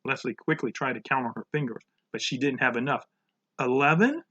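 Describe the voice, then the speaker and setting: A man reads a children's chapter book aloud at an easy, informal pace, with the odd casual aside. His voice sits at a middle pitch. The recording is slightly dull and muffled. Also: steady tone, fast, pushed and bright. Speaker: program director reading to children.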